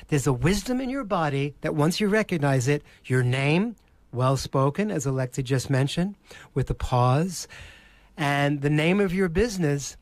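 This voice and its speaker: Slow, emphatic Australian man coaching. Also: on the high side, animated, dry recording. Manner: slow, theatrical, emphatic delivery. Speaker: presentation coach. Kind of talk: podcast interview.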